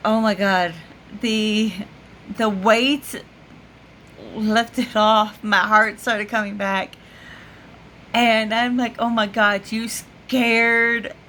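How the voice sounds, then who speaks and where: A woman's voice: mid-range voice, bright, forceful tone, a little hiss or hum. A woman vlogger telling a story to the camera in a casual way, laughing often and full of fillers. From United States.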